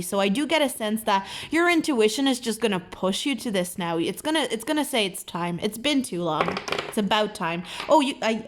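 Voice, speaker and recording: A young woman giving a pick-a-card tarot reading, talking in a gentle, encouraging, effusive way with many fillers. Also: medium pitch.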